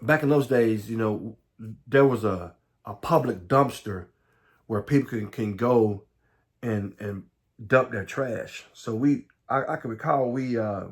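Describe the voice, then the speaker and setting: Middle-aged Southern man recounting his own past, unscripted, stumbling and restarting, voice mid-pitched. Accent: Southern American. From Southern United States. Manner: halting, repeats words, frequent restarts. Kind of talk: personal life story monologue.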